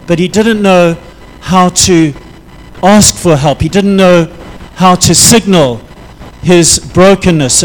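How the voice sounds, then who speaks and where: A man preaching a sermon, telling a story in an earnest, halting way that often sinks to a quiet intensity. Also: high-pitched, a little hiss or hum, low-quality recording.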